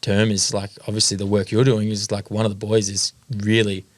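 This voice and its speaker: A man hosting a podcast, speaking earnestly with halting restarts. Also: on the low side, completely flat delivery, no room sound. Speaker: podcast host. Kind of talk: casual podcast conversation.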